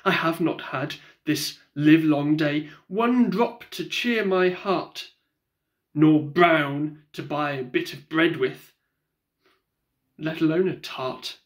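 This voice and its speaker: A man voicing a sobbing, forlorn little street boy, slow and pleading. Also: a little high. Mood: plaintive.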